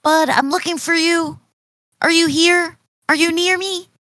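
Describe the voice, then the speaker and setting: A woman voicing an excitable young whiskered woman calling out eagerly for a lost friend. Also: a little slow, no room sound, studio quality, heavily acted. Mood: searching. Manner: shrill and eager, shouting for a friend.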